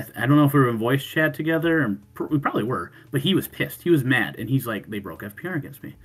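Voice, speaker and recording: A man on a podcast telling a story in casual chat, animated, swearing freely and laughing, often restarting his sentences. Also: medium pitch. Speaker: podcast co-host.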